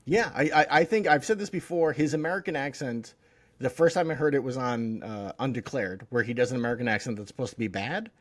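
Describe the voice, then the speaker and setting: A man of ordinary middle pitch talks loosely on a podcast about a TV show. His delivery rambles, with restarts and playful asides. The tone stays casual throughout. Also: quick pace. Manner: rambling, jokey, full of restarts and mocking quoted voices. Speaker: podcast co-host.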